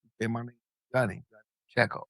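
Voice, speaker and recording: Animated man telling his story, dry sound. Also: medium pitch, a little fast, vocal fry, no echo. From Long Beach, California. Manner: animated, profane, acts out quoted voices. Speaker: podcast guest. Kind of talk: casual storytelling.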